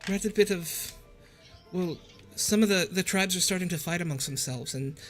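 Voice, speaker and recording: A man's voice: high voice, moderate pace, fairly bright tone, soft background music. A man voicing a worried female lizardfolk tribal leader with a put-on Irish accent, hesitant and stammering.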